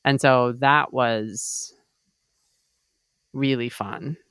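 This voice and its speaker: A woman co-hosting a podcast who rambles chattily through her story. Her voice is smooth and clear, and the recording is dry and close. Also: rumbling low, steady tone, extremely slow, fairly bright tone, no echo. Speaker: podcast co-host. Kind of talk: casual chat.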